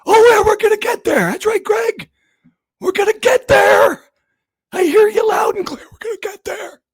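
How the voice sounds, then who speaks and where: A man voicing a confused, hard-of-hearing old grandfather who shouts his questions. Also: extremely high pitch, normal speed, no room sound, studio quality, pitched above the performer's own voice. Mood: confused shouting.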